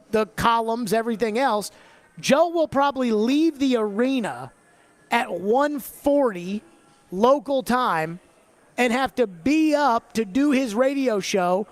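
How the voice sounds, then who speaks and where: A man hosting a sports talk radio show, talking in an animated, chatty way. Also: very high-pitched, dry recording. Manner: animated, slips into an exaggerated Southern drawl for bits. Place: radio studio.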